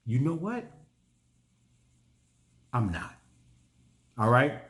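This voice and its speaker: A man's voice: mid-range voice, big pitch swings, drawn-out words, a bit bright, heavily acted. A man doing a fed-up, boastful reformed villain. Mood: scolding. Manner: scolding, slangy.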